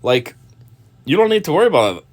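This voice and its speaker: A man's voice: fairly high pitch, sing-song, quick pace. A man giving casual video commentary, rambling with lots of fillers and frequent chuckles.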